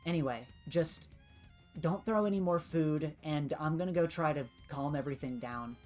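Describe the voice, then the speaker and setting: Brief: a woman doing a strict honor-roll girl, low voice, faint music behind, tabletop game. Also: moderate pace, darkish tone, close to an everyday voice. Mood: lecturing. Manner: scolding, lecturing. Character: stern dutiful teen girl honor-roll leader.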